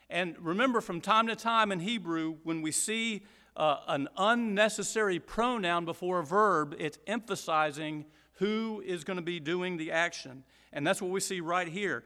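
Slow, bright-voiced man from Georgia teaching Scripture. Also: high voice, big-room sound. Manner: explanatory, deliberate, emphatic repetition. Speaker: Bible teacher. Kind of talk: verse-by-verse Bible teaching.

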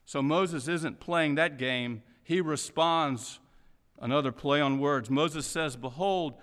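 Bright-voiced man preaching in a reverberant church. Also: a little high, slow pace. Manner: animated storytelling with restarts. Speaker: pastor. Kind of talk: sermon.

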